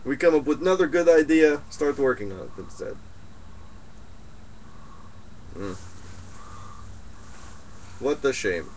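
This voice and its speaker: A man voicing a solemn mystic guru who speaks broken English and drops his articles, pausing with slow "uh"s in an improvised comedy sketch. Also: mid-range voice, big pitch swings, darkish tone, a little hiss or hum, lightly acted, low-quality recording. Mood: weary.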